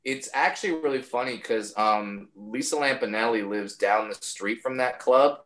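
Male comedian, casual podcast chat, rambling, incredulous, mid-pitched voice. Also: normal speed, fairly bright tone. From United States.

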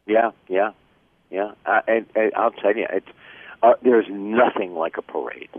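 An older man chats as a guest and drifts into jokey stories in a casual way. His voice sits low and comes through a tinny phone line that sounds dry and close. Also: unhurried, no room sound. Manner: chatty, jokey storyteller. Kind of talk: casual chat.

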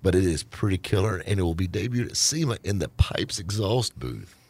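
A man hosting a radio show, chatting casually and telling stories with a joking, animated delivery in a studio. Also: low voice, fairly quick, husky. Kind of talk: casual on-air banter.

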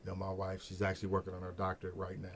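A middle-aged man from Peoria, speaking as a guest in a casual podcast interview, an animated storyteller who laughs as he talks about his family. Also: deep voice, rapid-fire, a little hiss or hum. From Peoria, Illinois. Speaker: guest, Head Start program director.

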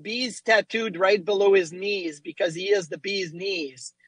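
A middle-aged man co-hosting a sports talk show, telling lively stories and acting out quotes. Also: high voice, unhurried, poor audio. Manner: animated storyteller, acts out quotes. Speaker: radio co-host, former goalie. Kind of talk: casual sports talk, storytelling.

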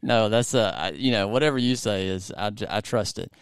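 A man's voice: on the low side, brisk, clear, resonant tone, no echo, clean studio sound. A male podcast host from the United States chatting casually, rambling with many fillers and restarts. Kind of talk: casual interview chat.

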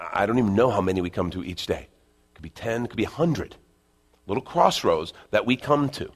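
Lower-voiced male pastor preaching animatedly. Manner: animated preaching, drops to quiet intensity, acts out inner voices. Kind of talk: sermon.

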